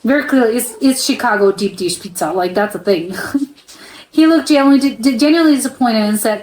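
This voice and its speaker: Chatty woman with a highish voice. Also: fairly quick, a little mellow, reverberant, poor audio. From United States. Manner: chatty, laughing asides, many restarts. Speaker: reaction video host. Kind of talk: reading posts and reacting.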